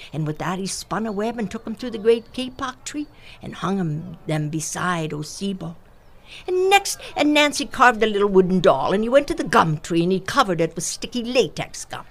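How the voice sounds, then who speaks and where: A woman telling a folktale aloud, expressive and rhythmic, with repeated phrases. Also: mid-range voice, moderate pace. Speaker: storyteller. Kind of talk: oral folktale storytelling.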